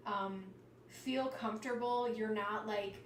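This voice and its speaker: Excitable woman giving a tarot reading. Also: medium pitch, takes it slowly, far from the mic, a little hiss or hum. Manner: chatty and animated, exclaiming over cards. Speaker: tarot reader. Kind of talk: live-stream tarot reading. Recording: roomy sound, slightly off-mic, faint ambience.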